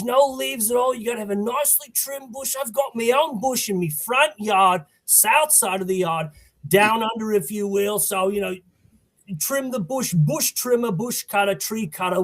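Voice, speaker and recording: A man putting on a loud, rambling Australian accent to play a boisterous tree cutter. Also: high voice. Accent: put-on Australian.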